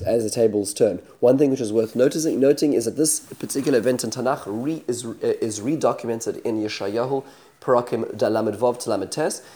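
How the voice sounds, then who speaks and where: A man's voice: mid-range voice, mellow. A man giving a daily scripture study lesson, explaining the text and asking rhetorical questions. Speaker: Bible teacher.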